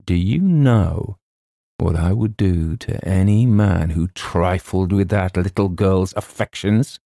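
A man playing a stern, protective old colonel who speaks in a grave, slow and menacing way. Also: sits low, creaky, dark tone, no room sound, clean studio sound, heavily acted.

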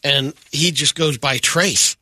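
A man's voice: fairly high pitch, steady tone, takes it slowly, bright, forceful tone. A man co-hosting morning radio, casual and agreeable with dry jokes. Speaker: radio co-host.

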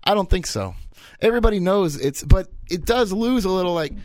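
A man in his thirties hosting a solo podcast, talking in an animated, rambling way and repeating his points for effect. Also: high-pitched, fairly quick, no echo. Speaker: podcast host.

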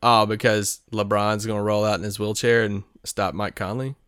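A man's voice: lowish voice, level tone, normal speed, fairly bright tone, clear, resonant tone, dry recording, studio quality. A man co-hosting a casual sports podcast, trading jokey, teasing banter. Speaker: podcast co-host.

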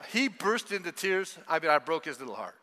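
An older man preaches with emphatic, animated delivery and keeps putting questions to the congregation. His voice is high and bright and swings widely in pitch. The sound carries the long reverb of a church hall. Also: fairly quick. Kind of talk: sermon.

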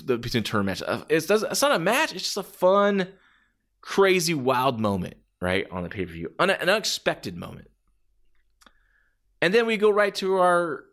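Male, casual monologue, rambling and animated, mid-range pitch, slips into shouted impressions. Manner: rambling, animated, acts out quotes in a raised shouty voice. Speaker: wrestling fan commentator. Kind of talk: casual podcast-style monologue.

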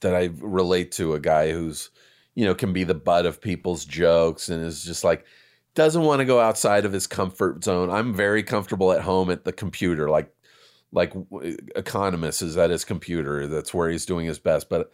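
A man in his fifties, an actor guest on a podcast, telling stories in relaxed chat and swearing freely. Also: low-pitched, moderate pace. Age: 50s. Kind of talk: casual interview chat.

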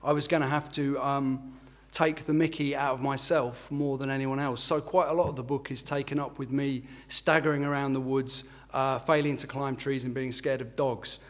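A middle-aged English author with a medium-pitched, level voice speaks at normal speed. He gives a self-deprecating talk full of filler ums, then reads a passage from his book.

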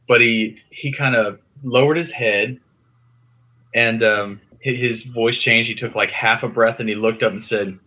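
A man telling an animated, rambling story as a podcast guest, with many restarts. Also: mid-range voice, measured pace, narrow, tinny audio. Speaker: podcast guest, comics writer. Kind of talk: casual storytelling. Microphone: remote call.

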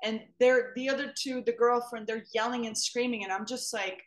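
A woman's voice: fairly high pitch, fairly even intonation, moderate pace, reverberant. A woman telling a story in casual conversation, expressively quoting herself.

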